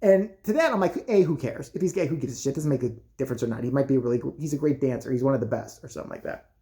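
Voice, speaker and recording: A woman's voice: extremely low pitch, lively intonation, very fast, dark tone. A woman vlogger ranting in casual, profane comedic commentary.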